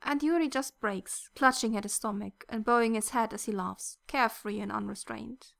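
A woman narrating a fan fiction story in a soft, gentle reading voice that at times drops close to a whisper. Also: on the high side, moderate pace, vocal fry.

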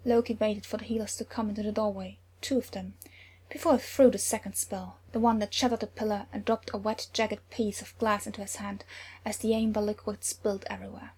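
A woman reading a story aloud in a soft, often whispered narration. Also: mid-range voice, little pitch movement, brisk. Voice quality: very breathy.

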